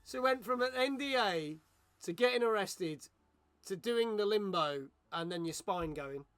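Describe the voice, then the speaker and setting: A man's voice: high-pitched, expressive, unhurried, a bit bright, no echo, faint music behind. A man hosting a live game stream, joking and chatting with viewers as he reads out their messages. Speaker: streamer host. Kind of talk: casual live-stream chat.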